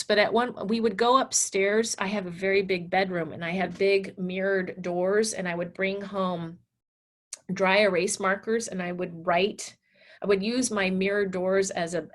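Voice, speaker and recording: A woman teacher telling a class story in an animated, blunt and candid way. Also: mid-range voice. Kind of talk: storytelling lecture.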